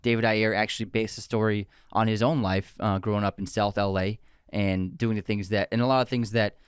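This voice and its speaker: A young man talks films on a podcast, keen and opinionated in casual back-and-forth. His voice sits low and is recorded close and dry, with no room sound. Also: steady tone, brisk, smooth, dry recording. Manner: enthusiastic, opinionated. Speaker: podcast co-host. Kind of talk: casual film chat.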